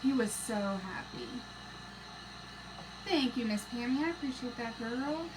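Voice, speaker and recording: A woman in her thirties chats through a crafting live stream, greeting viewers by name and slipping into a soft half-whisper as she works. Her voice sits a little high. The mic is some way off, and a clear noise runs under everything. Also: expressive, unhurried. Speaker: crafting channel host. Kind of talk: casual live-stream chat while crafting. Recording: distant mic with noisy background.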